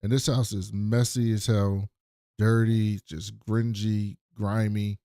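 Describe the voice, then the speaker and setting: A man's voice: fairly low pitch, level tone, slow, mellow, dry recording, clean studio sound. A man co-hosting a TV recap podcast, retelling scenes in a laid-back, casual way. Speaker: podcast co-host.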